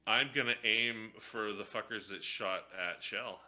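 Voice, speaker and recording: A man's voice: on the low side, unhurried, bright, forceful tone. A man playing a tabletop game, making crude, brash jokes. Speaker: player. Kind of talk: casual tabletop role-play.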